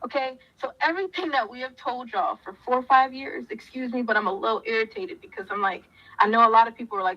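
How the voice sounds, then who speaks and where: A woman's voice: on the high side, lively intonation, brisk, sharp tone. Fiery Southern woman preaching to viewers. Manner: fiery, preachy, repetitive questions. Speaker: commentator. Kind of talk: impassioned talk to viewers. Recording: muffled lo-fi audio.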